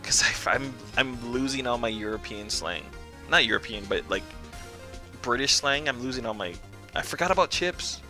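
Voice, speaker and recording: A man's voice: medium pitch, expressive, moderate pace, bright, forceful tone, faint music behind. A young man streaming a game who chats casually in a rambling, jokey way. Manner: rambling, jokey, lots of "dude" and "like". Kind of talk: casual chat while playing a game.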